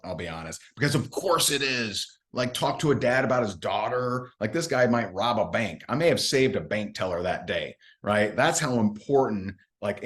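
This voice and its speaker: Brief: male sales trainer with a lowish voice, casual storyteller who jokes about himself. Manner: chatty, self-mocking, acts out quotes. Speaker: network marketing trainer.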